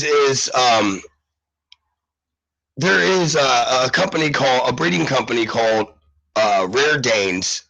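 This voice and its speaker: A sick man hosting a live talk show, rambling through the news with lots of restarts and ums. His voice sounds husky and slightly rough. The recording is dry and close. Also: medium pitch, pushed and bright, dry recording, low-quality recording. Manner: rambling, many restarts and fillers. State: sick, under the weather.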